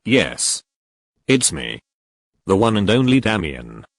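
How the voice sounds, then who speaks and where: A man's voice: on the low side, big pitch swings, slow, no room sound, full character voice. A man voicing an arrogant young male gang thug in a fan-fiction reading, speaking in a smirking, taunting way. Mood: sneering.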